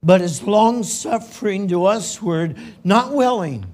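Slow, emotional high-voiced male preacher. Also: animated. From California. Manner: slow and emotional, swinging from loud emphasis to hushed near-whisper. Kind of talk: sermon.

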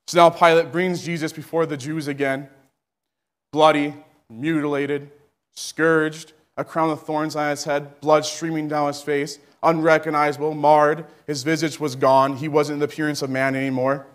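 A man preaching a sermon with fervent delivery that climbs to shouting. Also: fairly high pitch, steady tone, moderate pace.

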